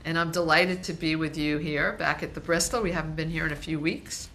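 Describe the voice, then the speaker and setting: A woman minister speaks to her congregation in a relaxed, joking sermon style. Her voice sits low yet has a bright, forceful edge, and a faint hum runs beneath her words. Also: fairly quick. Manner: light-hearted, conversational, with restarts. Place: congregation meeting hall, also streamed.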